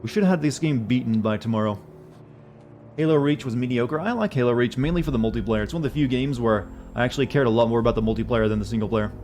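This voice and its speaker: A man's voice: medium pitch, fast, darkish tone, a little hiss or hum. A man streaming a video game, chatting casually, answering chat messages in a rambling, profane way.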